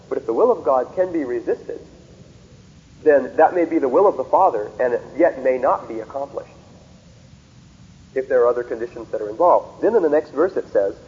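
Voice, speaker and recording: A man's voice: a little high, phone-quality sound. A man lecturing methodically on Bible verses, reading scripture aloud with emphasis and checking in with rhetorical questions. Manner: asks rhetorical checks like "See?" and "Okay?". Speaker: lecturer on theology.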